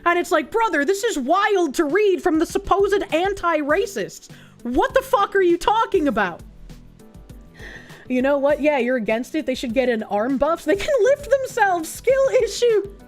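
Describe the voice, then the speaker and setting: A woman's voice: extremely high pitch, big pitch swings, normal speed, faint music behind. Sarcastic, foul-mouthed woman streamer. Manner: sarcastic, blunt, profane. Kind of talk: reading an article aloud and reacting.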